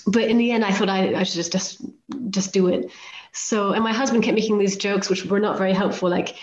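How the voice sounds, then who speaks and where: Her voice medium-pitched, steady, and brisk, a woman appears as a podcast guest, an author who climbs volcanoes. She shares her travel stories chattily, pokes fun at herself, and performs the things people told her, over roomy, somewhat dull remote audio.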